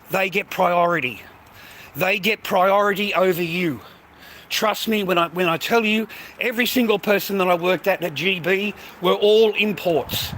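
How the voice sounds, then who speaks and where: A man's voice: sits high, sharp tone. An Australian man vlogging casually, rambling and swearing as he talks to his viewers and calls them mate. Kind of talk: casual ranting vlog. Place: outdoors on streets and in shops. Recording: noisy street recording with traffic.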